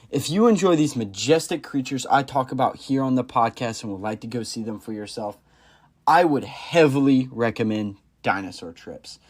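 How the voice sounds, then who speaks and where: Man, scripted sponsor read, smooth, middle pitch. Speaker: podcast host reading a sponsor spot.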